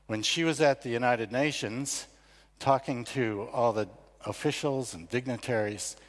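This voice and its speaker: Older man, from the United States, relaxed self-deprecating speech, long hall reverb. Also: mid-range voice, unhurried. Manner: conversational, self-deprecating storytelling. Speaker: award ceremony speaker, competition founder. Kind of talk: conference speech.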